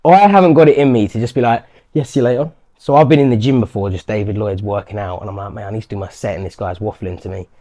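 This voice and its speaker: Fast-talking fighter, low and dark. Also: male voice. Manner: chatty, acts out quotes of strangers. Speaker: professional fighter. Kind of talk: casual chat.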